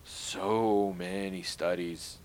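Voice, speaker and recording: A man co-hosting a podcast, chatting casually and telling animated stories with the odd curse. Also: deep voice, drawn-out words. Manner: profane, animated storytelling. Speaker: podcast co-host. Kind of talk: casual chat.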